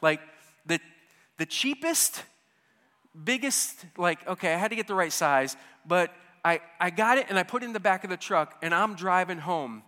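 Animated older man telling a story in a hall. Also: high voice, fairly quick. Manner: animated, swings between hushed asides and loud excited bursts. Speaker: storyteller speaking to an audience. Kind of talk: humorous personal storytelling. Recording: hall with long reverb.

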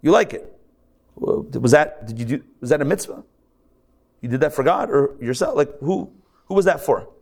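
A rabbi delivering a live sermon in a congregation's hall, his voice a touch high and gravelly. He jokes with the room and slips into mocking impressions of people before returning to his point. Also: moderate pace, pauses often. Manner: animated, joking, acts out mock quotes. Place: synagogue hall.

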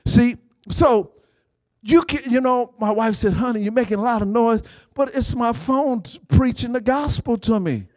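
A man preaching a sermon in call-and-response style, prompting the congregation to finish his lines and rising to shouts. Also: extremely high pitch, moderate pace, no room sound.

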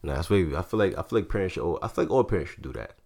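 Brief: podcast host, very deep voice, rapid slangy questions. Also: male voice, lively intonation, darkish tone, breathy edge. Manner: quick, conversational, slangy. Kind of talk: casual podcast interview.

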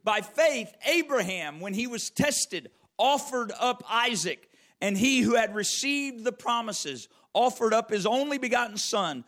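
A man with a notably high voice delivers a sermon, reading scripture aloud. He leans hard on repeated phrases and stretches key words for emphasis. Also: lively intonation, unhurried, fairly bright tone. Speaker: preacher.

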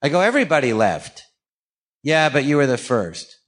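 Animated man telling show-business stories. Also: medium pitch, normal speed. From California. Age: 40s or older. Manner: animated storyteller acting out quoted dialogue. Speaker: guest. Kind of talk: anecdotal storytelling.

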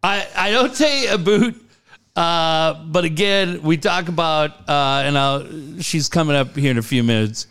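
A man co-hosting a casual chat, telling stories with lively jokes. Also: a little slow, clear, resonant tone. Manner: animated storyteller, jumps high in pitch when joking. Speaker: co-host.

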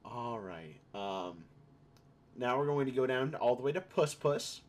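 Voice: mid-range voice, animated, measured pace, a little mellow, a little hiss or hum. A podcast co-host reading listener questions in a playful, jokey way. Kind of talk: casual chat.

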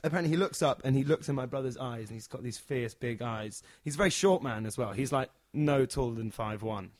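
A man telling a funny story in a casual chat, animated and acting out the people in it. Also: mid-range voice, fairly quick, dry recording. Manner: animated, acts out the characters.

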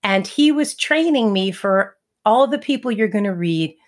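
A woman's voice: medium pitch, lively intonation, moderate pace. A middle-aged woman co-hosting a podcast, telling a personal story in a chatty, casual way, acting out what people said. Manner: chatty, laughs between thoughts, acts out quotes. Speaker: podcast co-host and medium.

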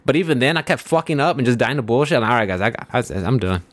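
A man's voice: medium pitch, animated, very fast, dry recording. A man co-hosting a podcast, chatting casually in rambling, slangy, profane stories. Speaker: podcast co-host. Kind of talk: casual chat.

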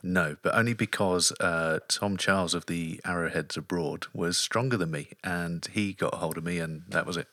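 Deep-voiced man with a bright edge. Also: fairly even intonation, moderate pace, hardly any pauses, no echo, clean studio sound. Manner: storytelling, wry. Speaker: podcast host, flag football player. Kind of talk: casual chat.

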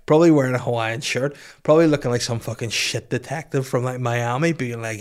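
A man's voice: mid-range voice, fairly even intonation, fast, few pauses, clear, resonant tone. A man in his thirties hosting a solo podcast, telling self-mocking stories casually with lots of swearing into a studio microphone. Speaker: podcast host.

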